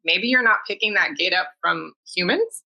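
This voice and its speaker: A woman reading a human design chart in a casual spiritual conversation, explaining in a measured way. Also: lowish voice, lively intonation, gravelly, bright, forceful tone, muffled recording.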